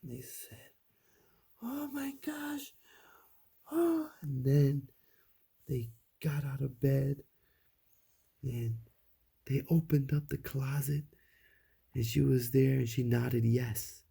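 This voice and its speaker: A man telling a child a scary bedtime story, hushed and dropping to whispers for suspense. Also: mid-range voice, fairly even intonation, slow pace, creaky, pauses often, husky.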